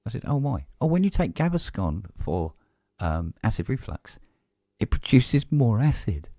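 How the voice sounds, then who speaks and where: A man's voice: on the low side, very animated, normal speed, warm tone, no room sound, muffled recording. A man with a British accent, co-hosting a casual live-stream chat and telling a story by acting out both sides of a conversation. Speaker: co-host.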